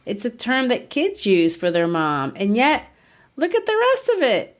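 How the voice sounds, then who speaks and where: A woman's voice: a little high, huge pitch swings, moderate pace. A woman co-hosting a literature podcast, explaining ideas earnestly with rhetorical questions and easy laughs. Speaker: podcast co-host. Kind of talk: conversational literature discussion.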